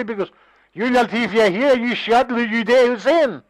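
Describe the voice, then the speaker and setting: A man argues on a call, his voice pitched high and recorded dry and close. He is scornful and combative, and he swears constantly. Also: measured pace, dry recording, poor audio. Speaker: phone call participant. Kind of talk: heated phone argument.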